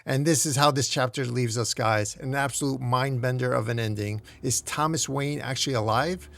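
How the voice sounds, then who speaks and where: A man's voice: medium pitch, moderate pace, gravelly, fairly bright tone. A man hosting a comic recap, telling the story in a dramatic way. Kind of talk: comic book recap narration.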